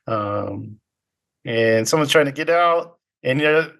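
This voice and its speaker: A man's voice: mid-range voice, lively intonation, takes it slowly, gravelly, fairly bright tone. Chatty man casually recapping a film. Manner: chatty, laughs often, loosely paraphrases scenes. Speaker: podcast co-host.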